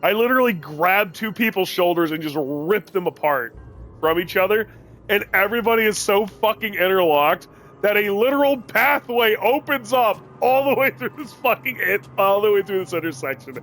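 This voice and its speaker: Profane, animated male streamer. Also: high voice, normal speed. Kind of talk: casual storytelling while gaming. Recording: game music under voice. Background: game music.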